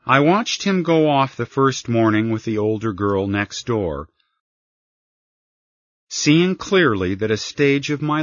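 A man narrating a written story in a calm, unhurried storytelling manner. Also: lowish voice, dry recording. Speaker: reader. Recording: slightly muffled dry recording.

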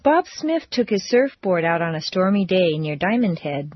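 A woman teaching English pronunciation, reading drill phrases slowly and deliberately with careful stress. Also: fairly low pitch, very animated, slightly rough, no room sound, highs cut off.

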